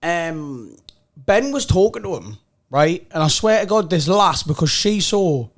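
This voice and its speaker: A young Geordie man tells a rambling story on a podcast, swearing freely and acting out what other people said. His voice sits high for a man. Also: unhurried. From North East England. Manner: animated, swearing, acts out other people's lines. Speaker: podcast co-host telling a story. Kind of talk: casual storytelling chat.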